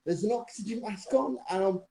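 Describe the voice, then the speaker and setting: A man's voice: high voice, brisk, dark tone, a little hiss or hum. Rambling man with wry humour, roomy sound. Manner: rambling, lots of fillers and restarts, dry self-mocking humour. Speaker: podcast co-host telling a story. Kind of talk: casual anecdotal storytelling. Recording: roomy echo.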